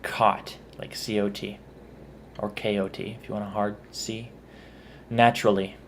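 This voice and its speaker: A man's voice: fairly low pitch, little pitch movement, a little slow, background noise. A man with a Texan accent, chatting casually in a vlog and correcting himself as he goes. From Texas. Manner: chatty, self-correcting, spells words out letter by letter. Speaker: vlogger. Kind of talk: casual accent tag video.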